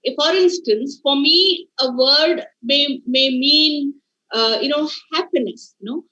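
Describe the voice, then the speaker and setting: A woman's voice: sits high, fairly bright tone. A woman lecturer teaching an online faculty workshop, talking her class through ideas and asking them rhetorical questions. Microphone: video call. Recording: dull lo-fi video call audio.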